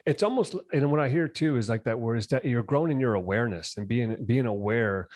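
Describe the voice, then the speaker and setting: A man's voice: medium pitch, expressive, a little fast, darkish tone, dry recording, studio quality. A man hosting an interview, talking casually and rambling, with restarts, lots of "you know" and acted-out quotes. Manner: acts out quoted reactions. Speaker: podcast host.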